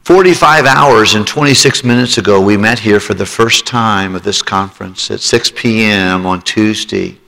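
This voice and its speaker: A man's voice: fairly low pitch, moderate pace, gravelly, few pauses, pushed and bright. A man preaching a sermon, telling his own testimony and pleading with listeners to respond. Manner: emotional testimony, rising to pleading altar call. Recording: long hall reverb.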